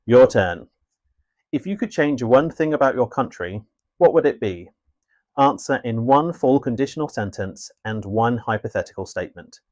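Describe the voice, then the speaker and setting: A man narrating a scripted English lesson in a clear, measured, instructive way. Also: mid-range voice, expressive, darkish tone, dry recording. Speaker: English teacher.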